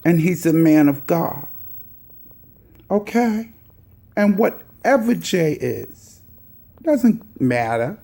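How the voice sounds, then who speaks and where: A woman's voice: sits low, big pitch swings, takes it slowly, gravelly, pauses often, mellow. A woman vlogger calling out another vlogger in a sassy, scolding, teasing way.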